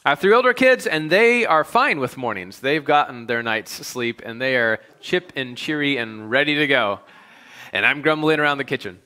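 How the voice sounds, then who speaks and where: A young adult man, a pastor, preaching a sermon in a relaxed, conversational storytelling way. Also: mid-range voice, moderate pace, clear, resonant tone. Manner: conversational storytelling, animated when quoting himself.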